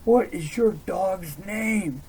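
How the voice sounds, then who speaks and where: A man putting on the voice of a frightened young stranger who yells frantically. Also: sits high, takes it slowly, slight background noise, pitched above the performer's own voice. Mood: startled. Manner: frantic, yelling.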